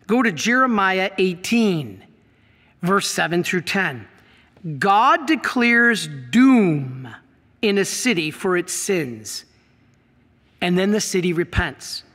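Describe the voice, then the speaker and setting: Speaking slowly and leaving long pauses, a very animated middle-aged priest preaches from the pulpit in a strikingly high, bright and forceful voice. He pushes his points hard, fires questions at the congregation, and the long church reverb lets his words ring on.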